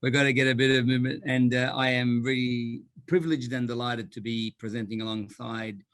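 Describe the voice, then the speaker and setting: A man's voice: medium pitch, fairly even intonation, brisk, a bit bright, dry recording, clean studio sound. A man with a broad Australian accent giving a jokey, chatty presentation on an online panel over a video call.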